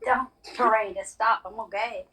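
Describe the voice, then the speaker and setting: A woman's voice: a little high, fairly even intonation, moderate pace, bright, forceful tone, breathy edge, rough recording. A woman with a lot of drama, chatting casually with viewers on a live stream and calling them y'all. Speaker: medium hosting a live stream.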